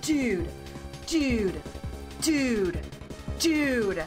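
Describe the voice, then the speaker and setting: A woman with a high, wildly swooping voice talks through a game stream at an unhurried pace, excitable and quick to laugh, tossing in casual swears. Her desk mic also carries clear game music running behind her. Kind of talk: casual gaming stream commentary.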